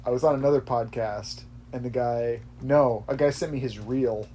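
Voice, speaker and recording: Mellow-voiced man chatting casually. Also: medium pitch, normal speed, a little hiss or hum. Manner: rambling, self-correcting, laughs easily. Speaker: podcast host. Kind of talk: casual chat.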